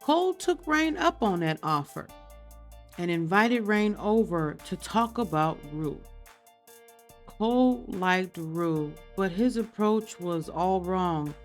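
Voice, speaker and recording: A woman narrating gameplay in a casual, animated way, acting out the characters' lines with slang. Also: on the low side, takes it slowly, faint music behind. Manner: animated, acts out dialogue with slang.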